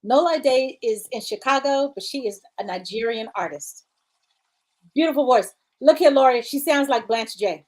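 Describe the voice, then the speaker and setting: Woman host, casual and chatty with listeners, a touch high-pitched. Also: animated, normal speed, darkish tone. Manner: chatty, addresses listeners as y'all. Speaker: talk show host. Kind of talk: casual show hosting.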